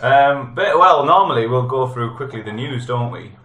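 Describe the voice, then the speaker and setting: Lively-voiced male podcast host. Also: medium pitch, normal speed. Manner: laughs often, starts and stops mid-sentence. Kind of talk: casual chat. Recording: echoey room, faint noise.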